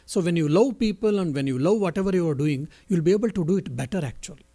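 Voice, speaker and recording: Monk speaker, high-pitched man, gentle halting teacher giving a spiritual talk. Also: expressive. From India. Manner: halting, self-correcting, gentle storytelling. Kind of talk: answering a question in a spiritual talk.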